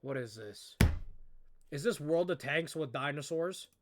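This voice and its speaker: A man giving a casual reaction commentary as a streamer, excitable and rambling, talking straight to his viewers. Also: fairly high pitch, measured pace, noisy background.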